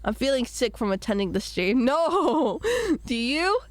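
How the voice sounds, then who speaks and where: A woman's voice: on the high side, sing-song, unhurried, no echo. A young woman streaming while sick, chatting casually and rambling between giggles as she reads chat aloud. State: sick, voice rough.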